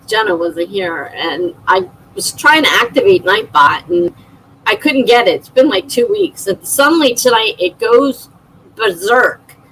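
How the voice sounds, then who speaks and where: A woman's voice: medium pitch, bright, forceful tone, a little hiss or hum, low-quality recording. A middle-aged woman hosting a livestream, chatting casually and laughing often as she reads viewer comments aloud. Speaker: livestream host.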